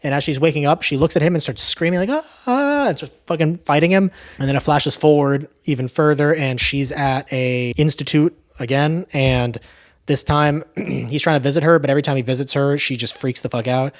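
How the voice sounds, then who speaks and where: A man's voice: a little high, steady tone, fairly quick. Casual, profane man recapping a movie. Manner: loose, profane storytelling with fillers.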